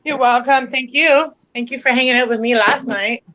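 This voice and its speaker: A middle-aged woman from Ontario chats on a livestream in a bright, forward voice. She rambles a little and restarts her sentences. Her audio comes through dull and lo-fi. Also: high-pitched, fairly even intonation, normal speed. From Canada (Ontario). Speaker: viewer joining a livestream. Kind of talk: casual chat. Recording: muffled lo-fi audio.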